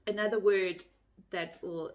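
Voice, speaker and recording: A woman's voice: medium pitch, steady tone, a little slow. A woman from South Africa with a South African accent, casually explaining phrases to the camera in a light-hearted, chatty way. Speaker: vlogger.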